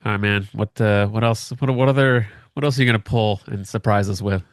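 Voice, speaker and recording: A man's voice: fairly low pitch, steady tone, fairly quick, no room sound, studio quality. A man co-hosting a casual podcast chat, laid-back and joking. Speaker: podcast co-host.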